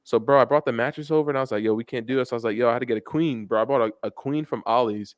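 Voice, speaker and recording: A man's voice: mid-range voice, racing, no room sound, studio quality. A young man co-hosting a podcast, telling rambling, profane stories in casual chat and calling everyone "bro". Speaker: podcast co-host.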